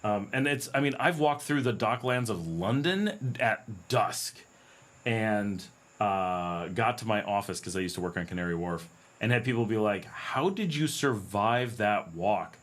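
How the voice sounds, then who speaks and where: Chatty American man, low voice. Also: lively intonation, normal speed, a bit bright. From United States. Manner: chatty, anecdotal, laughs often, acts out quoted voices. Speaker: livestream host. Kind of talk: casual livestream Q&A.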